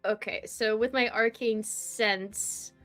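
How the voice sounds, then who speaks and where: A woman playing a tabletop game who talks in an excitable, giggly, rambling way. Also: a little high, slow, soft background music. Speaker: player. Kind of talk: casual tabletop play.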